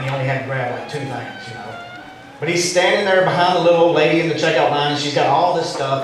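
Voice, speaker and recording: A man preaching a sermon in a church, telling a story with a joking twist. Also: medium pitch. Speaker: pastor. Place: church sanctuary. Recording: echoey and distant, faint room noise.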